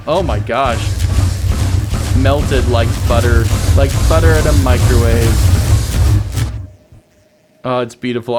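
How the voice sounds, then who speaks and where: A young man giving playful, casual commentary on his game as the host of his gaming channel, laughing often with wheezing giggles. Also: medium pitch.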